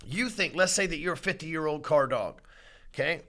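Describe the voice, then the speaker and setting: A man's voice: a little high, animated, normal speed. A middle-aged man hosting a podcast, ranting bluntly about sales and swearing freely. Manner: blunt, swearing, heated, climbs louder when riled. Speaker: podcast host. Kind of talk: profane motivational sales rant.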